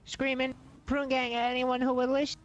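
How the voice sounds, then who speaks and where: A woman's voice: high-pitched, little pitch movement, moderate pace, muffled recording. A woman roleplaying in a video game, teasing and sarcastic as she trades jabs. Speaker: roleplay player.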